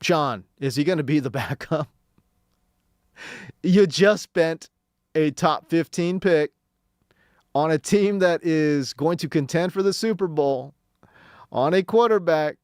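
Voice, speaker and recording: A man hosting a sports talk radio show from a studio, excitable and quick to laugh, swinging between loud bursts and low asides. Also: no room sound. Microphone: studio mic.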